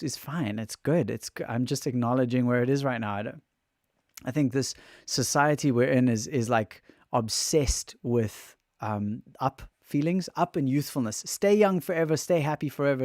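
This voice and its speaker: This livestreamer and musician chats casually and candidly, worn out and emotional, with a raw throat, and he keeps rambling and starting his sentences over. His male voice is medium in pitch and somewhat dark, and the audio is dry and studio-clean.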